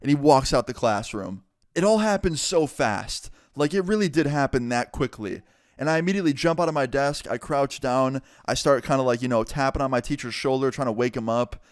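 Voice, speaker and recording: Male vlogger, casual story-time narrator, smooth clear voice, dry close mic. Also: medium pitch, dry recording. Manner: chatty, quick to act out people he quotes, lots of "like".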